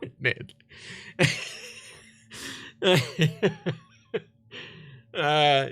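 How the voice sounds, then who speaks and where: A British man livestreaming in loose, crude chat that keeps doubling back on itself. His voice swings widely in pitch, and his tone is bright and forceful. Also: sing-song, normal speed. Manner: rambling, crude, self-interrupting.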